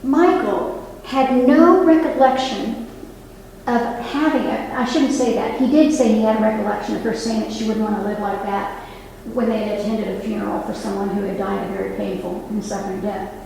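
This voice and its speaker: A nurse over sixty-five talks earnestly to an audience in a library meeting room, addressing them with asides and questions. Her mid-range voice is gravelly and a little mellow, steady in tone at a moderate pace. Slight background noise, an echoey hall and a distant mic round out the recording.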